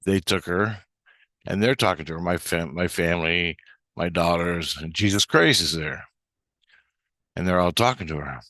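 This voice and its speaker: A man's voice: low voice, normal speed, long pauses, sharp tone, no room sound, studio quality. A man telling a personal story in a rambling, casual monologue, often restarting his sentences. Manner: rambling, with frequent restarts and fillers. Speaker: vlogger.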